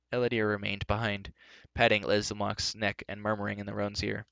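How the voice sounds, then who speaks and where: A man reads a story aloud with a low, gravelly voice in a steady, even manner. The sound is dry and close with a dull, lo-fi quality. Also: fairly quick, dry recording. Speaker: narrator. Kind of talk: live storybook reading.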